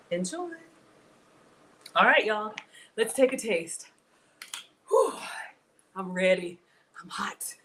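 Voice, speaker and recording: A woman's voice: fairly low pitch, a bit bright, low-quality recording. Chatty middle-aged woman, live cooking host, faint background noise. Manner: chatty, greets viewers, laughs often. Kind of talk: casual live cooking chat.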